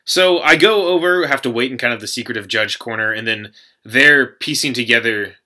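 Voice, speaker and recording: A young man casually telling a rambling story to camera, animated, with lots of fillers and restarts. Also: mid-range voice, moderate pace. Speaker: card game player recounting a tournament.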